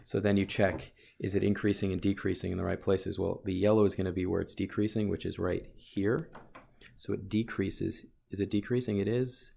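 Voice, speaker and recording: Low gravelly man explaining calculus. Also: fairly even intonation, fairly quick, warm tone, slight background noise. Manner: thinks aloud, corrects himself often. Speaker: math teacher. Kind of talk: recorded calculus lesson with board work.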